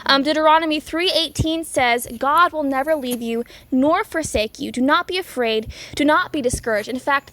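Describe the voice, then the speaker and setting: A woman's voice: high voice, fairly bright tone. A young woman hosting a youth program in an upbeat, chatty way with many fillers. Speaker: program host.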